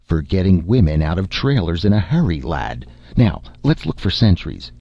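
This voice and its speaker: A man voicing a blunt, scornful barbarian warrior with a husky growl, in a dull lo-fi recording. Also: deep voice, very animated, normal speed, dark tone, heavily acted. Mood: gruff, dry. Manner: dry, curt, mocking.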